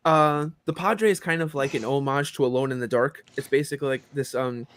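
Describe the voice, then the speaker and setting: Appearing as a guest on a podcast, a forties-aged professor who also does voice acting spins animated stories in relaxed interview talk, full of ums and likes. He speaks briskly in a smooth, medium-pitched voice.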